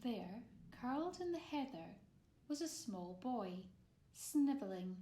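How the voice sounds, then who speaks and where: A woman reads a children's story aloud, expressive and measured. Her pace is slow and unhurried at a middle pitch. The room around her voice is echoey. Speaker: author narrating her own children's story. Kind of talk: storybook narration. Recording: roomy echo.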